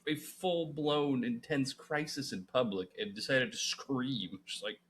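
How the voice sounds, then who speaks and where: A man's voice: mid-range voice, expressive, a little slow, fairly bright tone, slightly rough. A young man co-hosting a podcast, chatting casually, rambling with lots of fillers and swearing. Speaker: podcast co-host. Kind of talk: casual chat.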